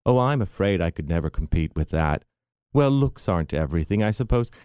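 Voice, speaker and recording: A man's voice: low-pitched, lively intonation, fairly quick, darkish tone, clear, resonant tone, no echo, studio quality. A man voicing a theatrical, bitter, self-pitying aging mother in an arch, mannered way.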